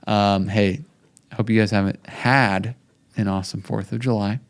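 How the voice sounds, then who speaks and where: A man's voice: fairly low pitch, steady tone, unhurried. A man co-hosting a casual podcast, trading jokes and teasing banter with his co-host. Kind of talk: casual chat.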